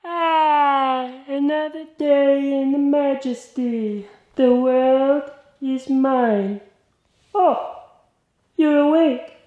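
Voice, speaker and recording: A man's voice: very high voice, phone-quality sound, heavily acted. A man playing a grandiose, cryptic eccentric. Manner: dramatic, slow, mocking proclamations. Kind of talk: mockumentary comedy acting. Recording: echoey room with faint music.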